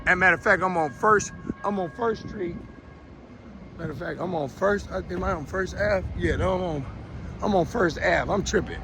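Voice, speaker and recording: High-pitched fiery man ranting outdoors. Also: moderate pace, background noise. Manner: fiery, confrontational, calls people out by name. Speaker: show host. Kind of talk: live street rant. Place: outdoors on a downtown city street.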